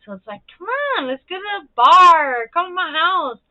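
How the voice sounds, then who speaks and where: Her voice is very high and sing-song, moving at normal speed without any echo. She's a livestream host keeping things casual with chatter and stories, swearing freely and often breaking into laughter, all captured with a dry, tinny, phone-style sound.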